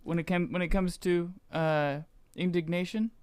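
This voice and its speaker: A man's voice: high-pitched, fairly even intonation, a little mellow, clean tone, no echo, studio quality. A man co-hosting a Catholic podcast, talking about prayer in casual chat, often stumbling over his words with uhs and restarts. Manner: halting, with many restarts and uhs. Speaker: podcast co-host.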